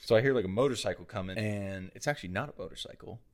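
A young man with a fairly low voice tells a long story in loose, profane podcast chat. He strings his sentences together with "like" and keeps the story rolling. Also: rapid-fire, a little mellow. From Georgia, US. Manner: rambling, profane, lots of "like" fillers. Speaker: podcast co-host.

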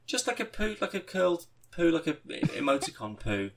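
A man, a podcast co-host, chatting casually and telling a rambling, animated story with swearing and laughter. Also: on the high side, moderate pace, a crowd in the background. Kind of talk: casual chat.

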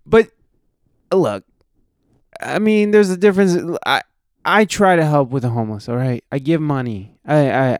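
A man's voice: medium pitch, clean tone, no echo, clean studio sound. A young man, hosting a casual podcast and rambling profanely about his band's tour. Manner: profane, ranting, full of "like" and restarts. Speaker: podcast host and touring musician.

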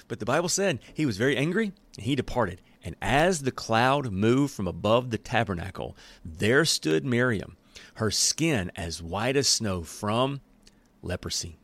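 A man giving a casual, joking Bible teaching in an animated, conversational way. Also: mid-range voice, measured pace, dry recording.

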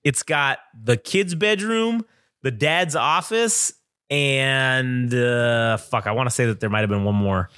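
A man's voice: mid-range voice, takes it slowly, sharp tone, smooth, dry recording, clean studio sound. Profane rambling man telling a story. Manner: profane, rambling, acts out quotes in funny voices. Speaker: podcast co-host. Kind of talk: casual storytelling chat.

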